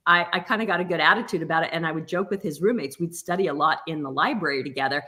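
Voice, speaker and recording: A middle-aged woman chatting as a guest author, an animated storyteller who laughs often. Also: low-pitched, very fast, hardly any pauses. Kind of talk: casual chat.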